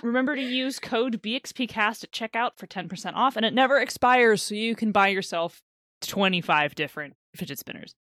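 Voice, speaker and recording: A woman's voice: on the high side, brisk, a bit bright, dry recording. A woman co-hosting a tabletop gaming podcast, chatting casually, reading plugs and laughing often. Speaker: podcast co-host.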